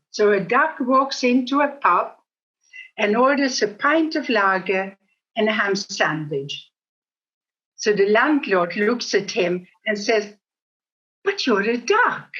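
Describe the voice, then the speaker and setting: An older woman giving a reflective spiritual talk on meditation, with a gentle storytelling manner, on a dull lo-fi recording. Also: fairly high pitch. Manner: gentle storytelling, laughs at herself. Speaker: speaker on meditation.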